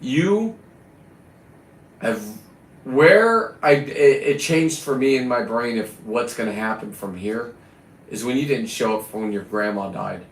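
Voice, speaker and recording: A man's voice: medium pitch, lively intonation, measured pace, a little hiss or hum. A middle-aged man rambling through a profane, boastful casual monologue to his viewers. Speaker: vlogger. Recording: echoey room.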